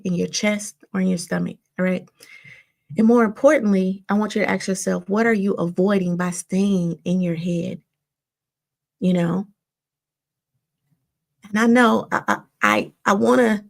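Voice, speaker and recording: A woman's voice: medium pitch, creaky. A woman therapist hosting a self-help podcast, coaching listeners and often checking in with "right?" and "all right?". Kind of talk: motivational self-help talk.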